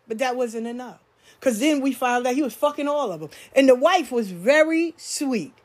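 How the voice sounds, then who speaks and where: A woman telling candid stories about her spiritual community in a blunt, profane, animated way. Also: high-pitched, normal speed. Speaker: spiritual practitioner. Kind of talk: candid storytelling monologue.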